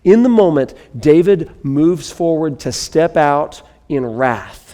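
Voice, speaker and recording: A man's voice: fairly high pitch, animated, slow pace, mellow, long reverb tail. A man preaching a sermon, reading scripture dramatically and breaking into casual asides to the congregation. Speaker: pastor.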